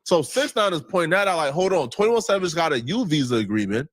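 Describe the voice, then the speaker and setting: A man giving explanatory commentary, laying out his points deliberately and step by step. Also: on the high side, big pitch swings, no room sound.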